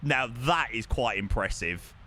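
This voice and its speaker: A man streaming live, chatting casually and excitably with his viewers and swearing now and then. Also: mid-range voice, measured pace, slight background noise. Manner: excitable, swears, talks to chat.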